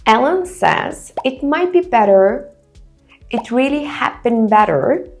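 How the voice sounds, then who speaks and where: Slow, lively-voiced woman teaching English. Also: on the high side, creaky, faint music behind. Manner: careful, deliberate reading of example sentences. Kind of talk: slow, clear quiz narration for learners.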